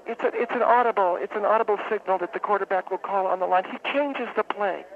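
A man playing a rambling, deadpan woman football fan phoning in to a comic radio bit. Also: high voice, pitched above the performer's own voice. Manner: rambling, deadpan, halting with fillers. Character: woman caller, brawling football fan, middle-aged. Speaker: caller. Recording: tinny phone line, faint hiss.

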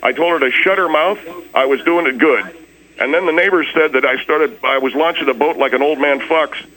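A hapless, defensive small-town man, played by a man in a radio comedy bit. He rambles on and keeps justifying himself. His voice is bright and sits a touch high. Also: fairly quick, low-quality recording. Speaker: recurring comedy character on a radio show.

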